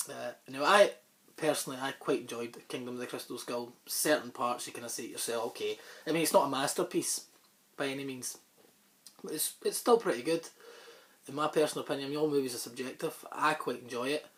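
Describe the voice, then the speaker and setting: A man hosting a casual movie talk show, rambling and offhand, with a sore throat that keeps him clearing it and coughing. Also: mid-range voice. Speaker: host.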